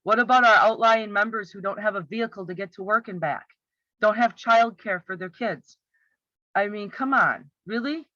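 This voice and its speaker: Sarcastic commentator with a bright voice. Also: medium pitch, moderate pace, dry recording. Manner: sarcastic, exasperated rhetorical questions. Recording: slightly muffled, dry.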